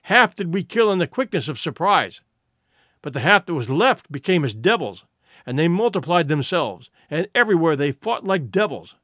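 A man's voice: on the high side, very animated, normal speed, a bit bright, dry recording, studio quality. A man voicing a wounded male warrior who tells a grim story of battle with fierce, boastful proclamations. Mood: grim storytelling.

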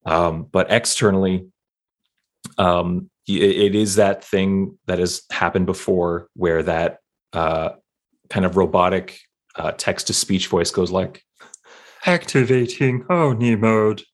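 Very deep-voiced man playing a tabletop game. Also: level tone. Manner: self-deprecating, halting, many fillers. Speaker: player.

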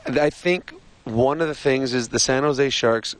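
A man analysing hockey on a sports radio show, measured and explanatory, on a studio microphone. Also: medium pitch, no echo, low-quality recording.

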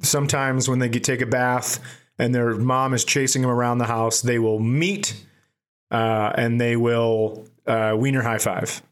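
His medium-pitched voice is flat and a little slow as he co-hosts a podcast. He swears freely through laid-back comic tales and laughs at his own jokes.

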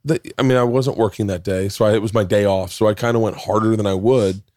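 A man's voice: fairly low pitch, fairly even intonation, fast, warm tone, dry recording, clean studio sound. A man in his forties telling a rambling story in casual chat, swearing often and restarting sentences. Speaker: podcast guest, comedian.

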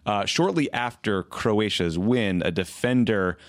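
A man's voice: on the low side, lively intonation, measured pace, no echo. A man hosting a podcast, interviewing his guest in a casual chat and asking dry, joking questions. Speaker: podcast host.

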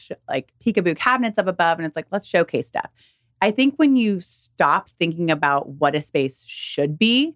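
A woman's voice: deep voice, no echo, studio quality. A young woman, a professional organizer and podcast guest, talking casually and emotionally with many fillers. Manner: chatty and emotional, many fillers like "like" and "you know".

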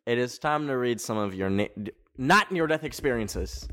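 A man of middle pitch hosts a loose, chatty show from his garage. He rambles through stories with plenty of fillers and self-mocking asides. He sounds hot and sweaty. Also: expressive, normal speed, sharp tone. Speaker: podcast host. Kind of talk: casual chat.

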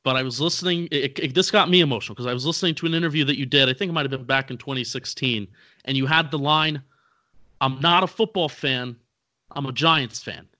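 A man's voice: medium pitch, rapid-fire, pushed and bright. A man co-hosting a podcast, rambling casually and poking fun at himself. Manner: rambling, self-deprecating. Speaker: podcast co-host. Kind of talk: casual chat.

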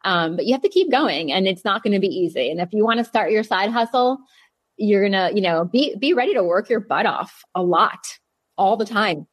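A woman's voice: mid-range voice, lively intonation, a little fast, slightly rough, no room sound. A woman in her thirties, a jewelry designer, answering interview questions in a candid, emphatic way. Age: 30s. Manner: candid, emphatic, repeats phrases.

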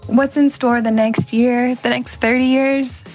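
A woman's voice: a little high, little pitch movement, unhurried, darkish tone, soft background music. A young woman giving a friend a recorded birthday tribute, gushing and effusive in her admiration.

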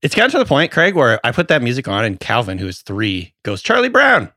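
A man's voice: medium pitch, very animated, fast, a bit bright, no echo, clean studio sound. A man in his thirties co-hosting a football podcast, telling stories with enthusiasm and casual swearing. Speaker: fantasy football podcast co-host. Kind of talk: casual chat.

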